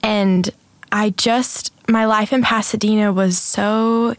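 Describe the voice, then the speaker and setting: A woman's voice: medium pitch, slow pace, no echo. A young woman, a guest in a casual interview, telling stories animatedly and acting out the voices of others. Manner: animated, acts out quotes, frequent "like".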